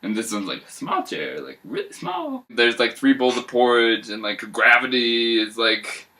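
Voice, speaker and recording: A man's voice: medium pitch, sing-song, normal speed, pushed and bright. A man casually retelling a fairy tale, rambling with joking asides.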